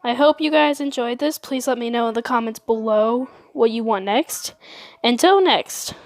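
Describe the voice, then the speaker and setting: A young woman telling a storytime vlog in a giggly, excitable way. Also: a little high, moderate pace, no room sound. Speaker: vlogger.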